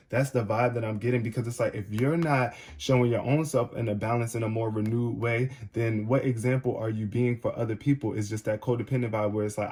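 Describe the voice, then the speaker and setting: A man reading tarot cards in a loose, chatty way, talking straight to the viewer. His voice is mellow and warm, and he keeps leaning on "it's like" as he goes. His pitch sits in the middle range. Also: fairly even intonation, fairly quick, hardly any pauses. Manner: casual, repeats "it's like", addresses the viewer directly. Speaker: tarot reader. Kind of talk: casual spoken tarot reading to camera.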